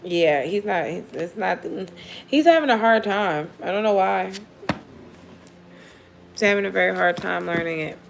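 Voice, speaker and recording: A woman's voice: lowish voice, lively intonation, a little slow, creaky, long pauses. A woman reads tarot cards for her viewers in a loose, chatty way. She is blunt and swears freely, and she laughs between cards. A faint hum of background noise sits under her voice. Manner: blunt, profane, laughs often. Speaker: tarot reader. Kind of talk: casual live tarot reading with viewer questions.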